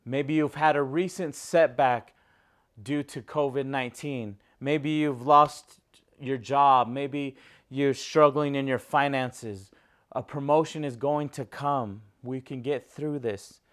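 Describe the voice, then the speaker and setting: Male pastor for a sermon: smooth, resonant voice, slow and emphatic delivery. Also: mid-range voice, fairly even intonation. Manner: emphatic, repetitive, asks the congregation questions.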